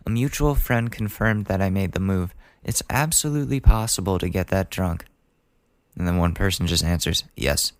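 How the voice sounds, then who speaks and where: A young man in his twenties talks through listener letters on his podcast, joking and chatty. His voice sits on the low side, and the recording is dry and close with no room sound. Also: no echo. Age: 20s. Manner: chatty and joking, laughs at his own lines. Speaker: podcast host. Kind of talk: casual advice podcast, reading listener letters aloud.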